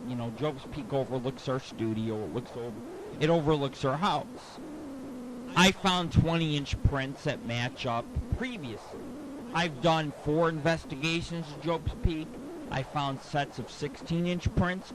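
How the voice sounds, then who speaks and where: A man's voice: fairly high pitch, background noise. A man hosting an internet radio show, telling a rambling, profane story and taking calls. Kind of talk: profane call-in radio rant.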